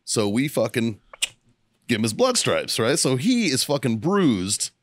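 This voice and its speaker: Animated ex-Marine storyteller in his thirties, salty, lively pitch, dry close mic. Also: measured pace, no echo. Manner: profane, animated storyteller who acts out quotes. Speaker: podcast co-host, former Marine staff sergeant. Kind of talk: casual storytelling chat.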